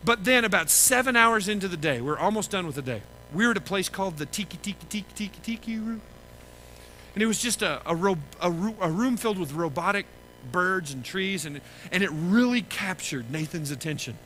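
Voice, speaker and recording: Animated man preaching to kids. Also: high voice, fairly quick, a little hiss or hum, low-quality recording. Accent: Texan. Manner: animated, acts out voices in his story. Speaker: camp speaker. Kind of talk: storytelling sermon to children. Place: large camp gathering.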